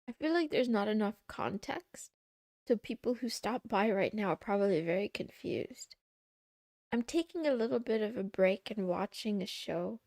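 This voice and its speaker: Chatty woman streamer with a gravelly voice. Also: unhurried, dry recording, studio quality. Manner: chatty, playful, says meow, high squeals when excited. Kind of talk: casual chat with live chat.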